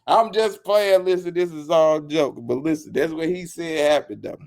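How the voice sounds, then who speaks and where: A man's voice: fairly high pitch, normal speed, darkish tone. A man hosting his channel, retelling a story with teasing jokes, repeating lines and acting out quotes. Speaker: channel host. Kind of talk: animated storytelling commentary.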